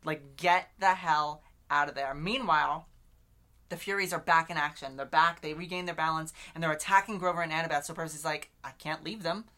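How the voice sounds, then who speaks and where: Woman podcast co-host, low-ish bright voice, chatty book recap with lots of filler words. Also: fairly even intonation, a little fast. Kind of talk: casual book discussion.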